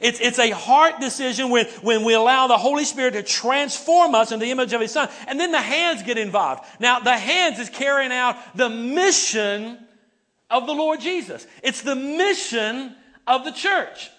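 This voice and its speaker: Pastor, male, high-pitched, preaches in a chatty way, punctuates with "right?", asks the room to repeat key words. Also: expressive, moderate pace, bright, forceful tone. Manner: conversational, many "right?" and "okay?" tags. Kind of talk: sermon. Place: church sanctuary before a congregation.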